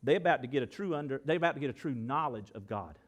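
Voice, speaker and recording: A man preaching a sermon to his congregation in a church. He talks in a folksy, animated way, swinging between loud and soft, and often asks the room direct questions. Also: mid-range voice, quick pace. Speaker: pastor. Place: church sanctuary.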